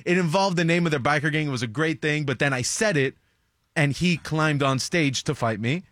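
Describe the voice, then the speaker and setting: Animated storytelling male comedian. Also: fairly quick, no echo, studio quality. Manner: animated storyteller, jumps into high voices for quotes. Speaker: comedian guest. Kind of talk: casual storytelling chat.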